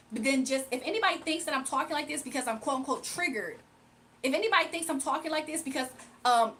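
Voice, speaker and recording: A young woman hosting a livestream delivers a heated rant, making emphatic, repetitive points directly to her chat. Her high-pitched voice sounds pushed and bright, with a little hiss or hum.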